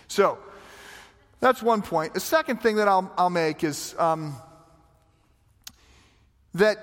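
A man preaching a sermon in a conversational, animated way, often repeating words as he starts a thought. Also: on the high side, long reverb tail. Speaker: pastor.

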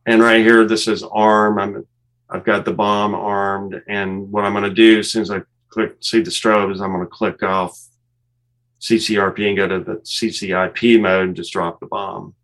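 A man, a former fighter pilot, calmly explaining cockpit footage step by step and laughing at himself now and then. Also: fairly low pitch, moderate pace, poor audio. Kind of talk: walking through cockpit footage.

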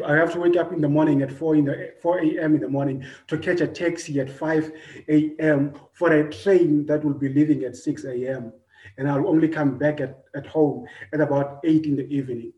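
Guy preaching, earnest, repeats himself, goes loud then soft, bit high pitched, echoey. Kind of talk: personal sermon. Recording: echoey room.

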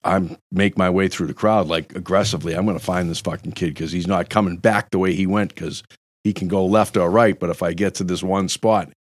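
A man telling a profane, animated story among friends, acting out the quotes. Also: low-pitched, brisk, no echo, clean studio sound.

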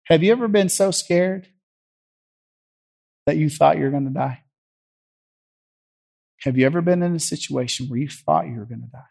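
Animated preacher man, fairly high voice. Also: moderate pace, creaky, long pauses. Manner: vivid storytelling, acting out the scripture scenes. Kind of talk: sermon.

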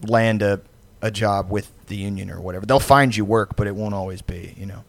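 A man's voice: lowish voice, fairly even intonation, fairly quick, vocal fry, no echo. A man co-hosting a podcast in casual chat, rambling and profane with lots of fillers, laughing often. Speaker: podcast co-host.

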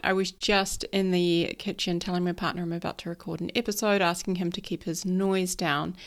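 A middle-aged woman from New Zealand with a New Zealand accent that drifts toward American, hosting a solo podcast in a chatty, self-deprecating way. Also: medium pitch. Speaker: podcast host.

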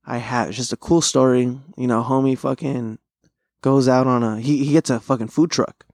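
A young man hosts a casual solo podcast, speaking at normal speed in a mid-range, darkish voice with fairly even intonation. He rambles through food stories heavy on slang and profanity, recorded dry and clean on a close studio mic.

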